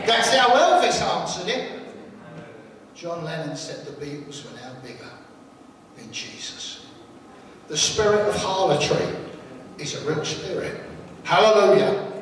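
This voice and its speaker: A man's voice: high-pitched, big pitch swings, moderate pace, fairly bright tone. A man in his sixties preaching a chatty sermon in a church hall, telling stories and joking with the congregation, recorded from a distance. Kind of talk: sermon with anecdotes. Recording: echoey hall from far off, noisy.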